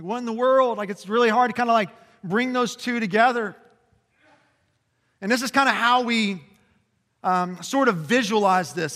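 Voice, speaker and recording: A man's voice: high-pitched, a bit bright. A man preaching a sermon as a pastor, talking casually and conversationally with many fillers. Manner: rises to impassioned preaching. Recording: long hall reverb.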